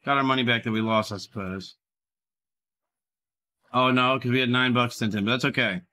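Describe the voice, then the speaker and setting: Bright-voiced man cursing and pleading. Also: medium pitch, steady tone, normal speed. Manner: profane, swings between begging and cursing. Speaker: livestreamer. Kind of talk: live-streamed gambling commentary.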